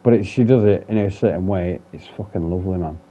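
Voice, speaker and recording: A man's voice: sits low, fast, warm tone. A man talking candidly in a personal vlog, rambling, swearing often and restarting his sentences. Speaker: vlogger. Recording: dull lo-fi sound.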